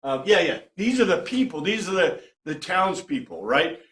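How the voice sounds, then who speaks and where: Man, Bible study teacher, conversational and animated, slightly high voice, echoey room. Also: moderate pace. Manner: conversational, animated, keeps asking "right?". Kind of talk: informal Bible study lecture.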